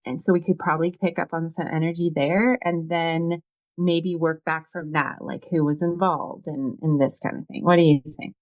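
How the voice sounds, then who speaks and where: A woman's voice: low voice, steady tone, moderate pace, a little mellow, no echo, muffled recording. A woman co-hosting a casual tarot reading chat, musing aloud with many fillers. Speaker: tarot reader co-host.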